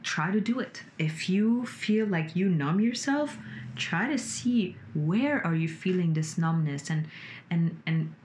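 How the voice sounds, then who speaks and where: A woman's voice: fairly low pitch, slow, slight background noise. A woman vlogging about her emotions in a casual, rambling way, with plenty of "like" and swearing, sitting in a room lit by her computer. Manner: rambling, frequent "like" and swearing, expressive rises. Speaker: vlogger sharing personal growth. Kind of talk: casual spoken monologue.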